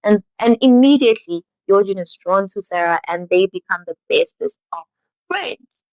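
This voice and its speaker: A young woman in a casual, animated show recap, full of "like". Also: medium pitch, moderate pace, no echo, rough recording. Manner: animated storytelling, lots of "like". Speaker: vlogger.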